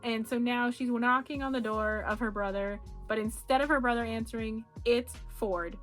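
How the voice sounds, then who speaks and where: A woman giving a casual book review, animated and ranting, with frequent swearing. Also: on the high side, normal speed, faint music behind. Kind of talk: casual reading wrap-up chat.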